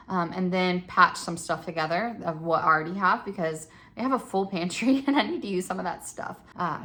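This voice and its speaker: A woman's voice: fairly low pitch, a bit bright. A woman in her thirties chatting casually as a vlogger, encouraging and self-deprecating. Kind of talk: casual chat.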